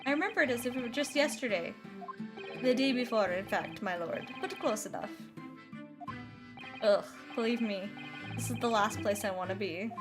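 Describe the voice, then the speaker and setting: Weary young male student, voiced by a woman, grudging and grumbling, fairly high. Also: normal speed, long pauses, over music, lightly acted. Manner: reluctant, grumbling.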